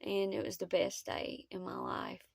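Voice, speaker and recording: Gravelly-voiced woman telling a story. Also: medium pitch, dry recording, whispered. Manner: halting, emotional, with many pauses. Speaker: vlogger. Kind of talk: personal storytelling.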